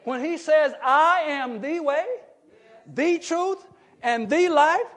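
A man preaching a sermon, asking the congregation questions and swelling into emphatic shouts as listeners call back. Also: very high-pitched, slow, some chatter behind. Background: congregation calling out responses.

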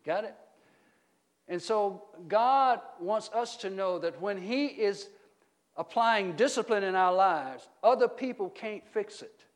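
A middle-aged man preaching a sermon as pastor, often asking the congregation questions and swinging between loud emphatic peaks and quiet low stretches. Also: lively intonation, slow pace. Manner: call-and-response preaching, asks the congregation questions.

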